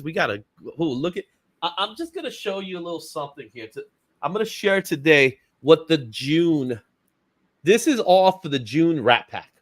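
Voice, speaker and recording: A man with a high-sitting, fairly bright voice runs a casual livestream in clean studio sound without echo. Upbeat and chatty, he laughs a lot, says hello to chat viewers by name, and falls back on fillers like "you know what I'm saying."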